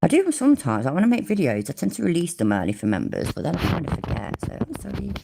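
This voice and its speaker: A woman's voice: lowish voice, huge pitch swings, fast, vocal fry, background noise. A woman giving rambling, sarcastic live-stream commentary on a video and swearing freely.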